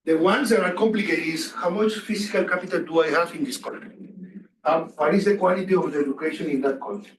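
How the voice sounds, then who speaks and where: A man's voice: on the high side, quick pace, a crowd in the background. A man lecturing a class, asking the students questions and repeating key phrases. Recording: echoey distant room recording.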